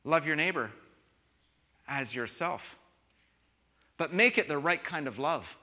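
Man, pastor, sermon, high bright voice, expressive swings from soft to loud, long hall echo. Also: slow.

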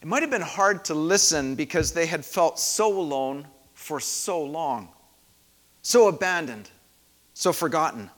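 A man preaching a sermon in a dramatic way, often dropping to a hush and then rising loud for emphasis. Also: fairly high pitch, animated, a little slow. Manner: dramatic, varies loudness for emphasis. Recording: long hall reverb.

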